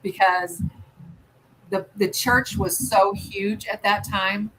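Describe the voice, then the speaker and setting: Her voice sits at medium pitch with fairly even intonation, a slightly bright quality, and a breathy edge, and she talks slowly. The American woman is hosting a casual nail-art livestream, rambling with frequent ums and restarts, and the audio is poor.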